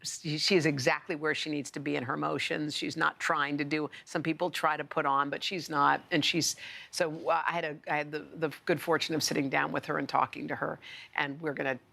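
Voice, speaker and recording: Low-voiced bubbly woman co-host. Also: little pitch movement, brisk, gravelly, pushed and bright. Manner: bubbly, reading viewer comments aloud. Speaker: morning show co-host. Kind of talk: casual on-air chat. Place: TV studio.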